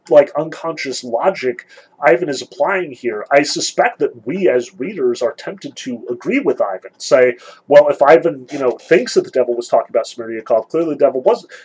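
A man lecturing on a novel, animated, sarcastic and emphatic, reading passages aloud. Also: on the high side, slightly rough, poor audio. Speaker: literature lecturer.

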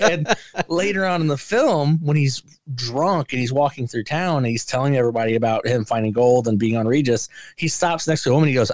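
Animated man reviewing a movie, dry sound. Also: a little high, brisk, dry recording. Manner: animated, acts out quoted lines in a raised voice. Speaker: podcast co-host. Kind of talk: casual movie review chat.

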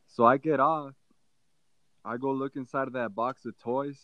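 A young man on a podcast telling a funny personal story in a casual, animated way, acting out what people said. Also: medium pitch, normal speed, no echo. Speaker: podcast co-host. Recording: dull, dry sound.

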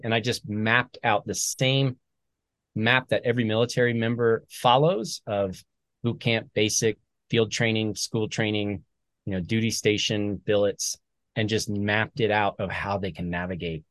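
A man, a military veteran and author, talking earnestly as a podcast guest, animated when he quotes other people. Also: fairly low pitch, no echo. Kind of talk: conversational storytelling.

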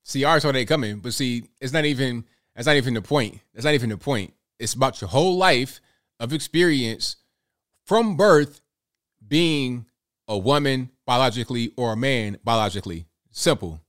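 A man's voice: mid-range voice, moderate pace, fairly bright tone. A young man hosting a reaction commentary, talking bluntly and repeating himself in a conversational way. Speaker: commentary host.

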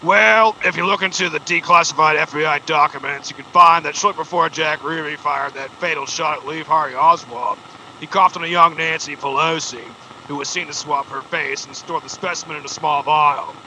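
A man's voice: a little high, fairly even intonation, moderate pace, bright, forceful tone, slight background noise, low-quality recording. Man playing an earnest conspiracy caller. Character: male conspiracy-minded radio caller.

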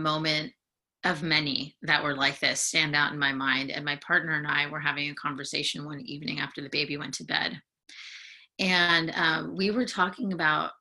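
A woman from the San Francisco Bay Area, a podcast guest speaking candidly in a halting, emotional way with frequent restarts. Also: low voice, pushed and bright. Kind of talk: candid conversational sharing.

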